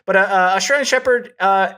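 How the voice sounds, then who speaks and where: Bright-voiced rambling male podcast host. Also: sits high, brisk, clean tone. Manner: rambling, restarts and trails off; joking. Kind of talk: casual chat.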